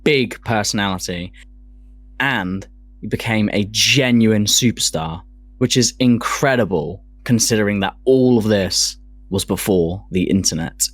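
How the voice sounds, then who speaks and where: A man's voice: on the low side, measured pace, no room sound. Man presenting a podcast segment. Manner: reads from notes, swears casually, laughs at himself. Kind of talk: casual podcast chat.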